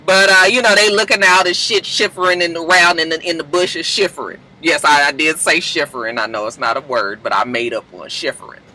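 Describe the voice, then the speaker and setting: A woman casually recapping a reality TV episode in a slangy, giggly, animated way. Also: low-pitched, brisk, few pauses, low-quality recording.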